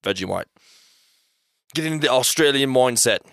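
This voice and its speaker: A man co-hosting a podcast, teasing and excitable in casual chat. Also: lowish voice, normal speed, no room sound, studio quality. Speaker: podcast co-host.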